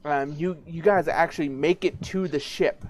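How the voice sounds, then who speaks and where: A man narrating a tabletop game as game master, with a slightly high voice. He keeps it casual and loose, using plenty of fillers. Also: fairly even intonation, moderate pace, a little hiss or hum.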